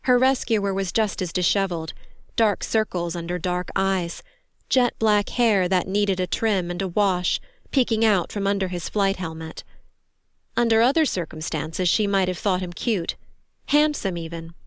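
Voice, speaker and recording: Smooth-voiced woman narrating a story. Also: medium pitch, a little slow, no echo, clean studio sound. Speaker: audiobook narrator. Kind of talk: scripted narration.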